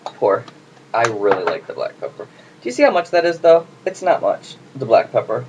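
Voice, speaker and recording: A man's voice: mid-range voice, big pitch swings, moderate pace. A man hosting a casual home cooking video, chatty and jokey as he talks to the camera while he works in his kitchen. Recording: noisy home recording.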